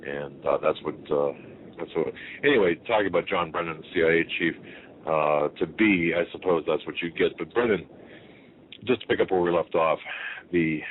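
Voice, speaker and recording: A man's voice: sits low, normal speed. A man hosting a talk radio conversation, emphatic and rambling, often restarting and asking rhetorical questions. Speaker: radio show host. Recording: tinny phone-line sound with faint hiss.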